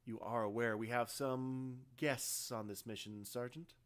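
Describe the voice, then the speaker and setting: A man's voice: mid-range voice, steady tone, a little slow, lightly acted. A man doing a cold, scheming corporate boss. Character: scheming male corporate leader, cold and calculating.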